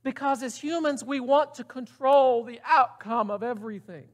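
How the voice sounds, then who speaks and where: A man's voice: extremely high pitch, steady tone, normal speed. A middle-aged man preaching a sermon in a casual, emphatic way, often putting questions to the congregation. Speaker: pastor.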